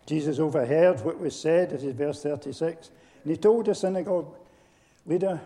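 A man preaching a sermon, retelling a story and speaking directly to his congregation in an animated way. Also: a little high, normal speed. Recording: long hall reverb.

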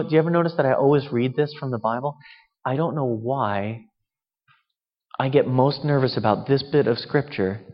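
Male pastor, conversational sermon, rhetorical questions; dull, reverberant church sound. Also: mid-range voice. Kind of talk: sermon at communion.

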